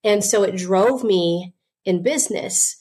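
A woman's voice: mid-range voice, slow, dark tone, slightly rough. A woman guest and business owner telling her story earnestly, with frequent "you know" fillers. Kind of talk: candid interview storytelling.

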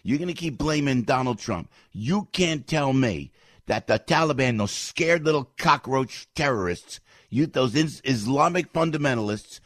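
A middle-aged man, a stage comedian, delivering a heated political rant, indignant and repeating himself, his voice leaping up and getting loud when riled. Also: medium pitch, dry recording, clean studio sound. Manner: repeats phrases, restarts sentences.

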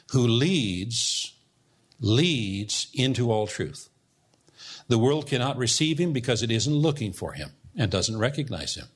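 A man's voice: mid-range voice, breathy edge. A man preaching a sermon as pastor, teaching earnestly and putting questions to his congregation.

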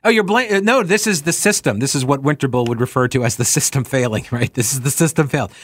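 A man's voice: mid-range voice, expressive, fast talker, hardly any pauses, fairly bright tone, no room sound. A man hosting a talk radio show, delivering an opinion monologue full of sarcastic, jokey asides.

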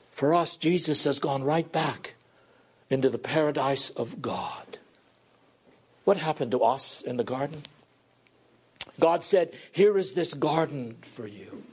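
Slow, dramatic male preacher. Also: slightly rough. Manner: dramatic, swings between loud emphatic peaks and hushed low passages. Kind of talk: sermon.

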